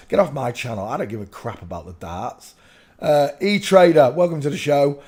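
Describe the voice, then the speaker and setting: A man hosts a livestream from a room at home in a loose, rambling way. He breaks into sudden loud outbursts between stretches of plain talk. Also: medium pitch, animated, normal speed. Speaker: livestream host.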